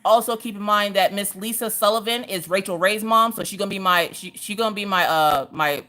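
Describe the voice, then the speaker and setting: Speaking at a medium pitch and a little fast, this woman sounds bright and forceful. She's a livestream host chatting casually with her audience from the couch at home as she crafts, laughing often and greeting viewers by name.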